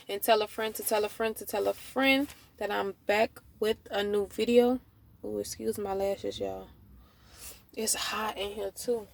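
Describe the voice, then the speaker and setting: A woman's voice: medium pitch, creaky, noisy background. A young woman, telling a storytime to camera in a casual, blunt way with free swearing. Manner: chatty, blunt, swears freely. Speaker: vlogger. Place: small room at home with a window.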